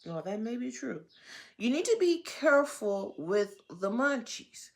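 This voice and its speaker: A woman vlogger talking casually to her viewers into a handheld microphone, rambling and playful, often talking low and sultry. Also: sing-song, unhurried. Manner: playful, rambling, breaks into laughs and sung lines; talks low and sultry at times.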